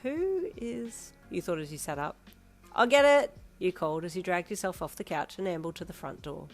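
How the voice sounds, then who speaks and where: A woman's voice: low-pitched, fairly even intonation, fast talker, soft background music. A woman narrating a second-person fanfiction story and chatting to viewers at the end.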